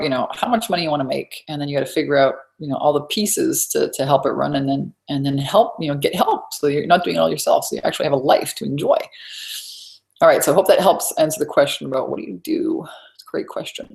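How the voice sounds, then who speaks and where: Low-voiced woman coaching on a webinar. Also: creaky, a little mellow. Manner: emphatic, repeats key phrases; chatty, conversational asides. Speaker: business coach. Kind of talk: live webinar teaching.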